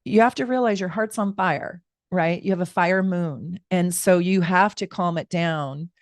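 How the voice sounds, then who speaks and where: A woman's voice: on the low side, unhurried, no echo, clean studio sound. A woman astrologer giving casual live-stream chart readings, chatty and rambling, talking straight to her viewers from home.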